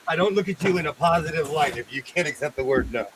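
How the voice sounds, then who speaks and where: A man's voice: a little high, fast talker, background noise. An American man chatting casually with friends, projecting his voice and laughing often. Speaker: podcast co-host. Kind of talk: casual group chat.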